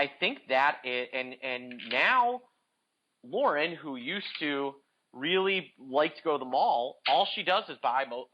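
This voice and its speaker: A man with a Chicago accent co-hosting a podcast, chatting casually about markets with many restarts and fillers. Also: mid-range voice. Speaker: podcast co-host. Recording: dull lo-fi podcast audio.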